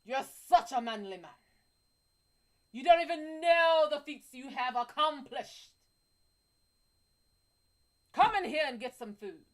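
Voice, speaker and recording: A woman's voice: high-pitched, lively intonation, slow, pauses often. A woman voicing a doting, theatrical partner with a put-on British accent, fawning over and scolding her man.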